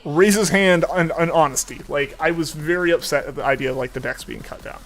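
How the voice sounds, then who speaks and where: A man's voice: fairly high pitch, fairly quick, a bit bright. Rambling young man chatting over game music. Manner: rambling, with many fillers and restarts. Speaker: streamer. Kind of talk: casual chat while gaming.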